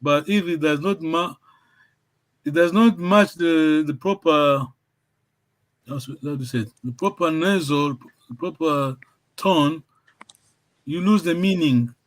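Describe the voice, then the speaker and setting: A man teaching a language class, encouraging his students and praising them often, with halting phrases that he repeats and restarts. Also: a little high.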